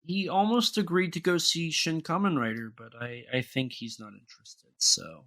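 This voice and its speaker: Young male podcast co-host, bright forceful tone, rambling chatty delivery full of restarts. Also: fairly high pitch. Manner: rambling, halting, many restarts and fillers. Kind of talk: casual podcast chat.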